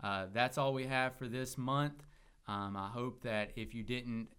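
A man who leads a student ministry, talking in a relaxed, rambling way with lots of fillers. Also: medium pitch, unhurried, clear, resonant tone. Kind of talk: casual church podcast talk.

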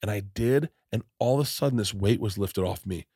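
Male podcast host and comic, deep-ish voice, loose rambling anecdotes full of profanity, dead-dry mic. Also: brisk, warm tone, breathy edge, dry recording. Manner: rambling, restarts sentences, swears freely; acts out quoted people in his stories. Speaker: podcast host and stand-up comedian. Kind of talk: casual storytelling chat.

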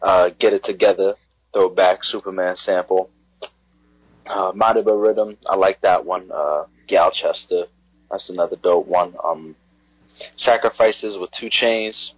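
A podcast co-host with a lowish, husky voice, talking casually and hesitantly with plenty of ums. The sound is dry and somewhat dull. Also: male voice, fairly even intonation, a little slow, no echo. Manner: hesitant, lots of ums, lists tracks. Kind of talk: casual chat, album review.

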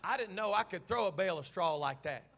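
A middle-aged man, preaching a sermon in church, moving between quiet storytelling and shouted, fervent preaching. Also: high-pitched, expressive, fast, gravelly.

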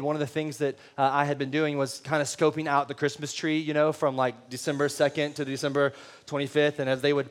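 A man, preaching a sermon and telling personal stories in a joking, conversational way to the congregation. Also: a little high. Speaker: pastor.

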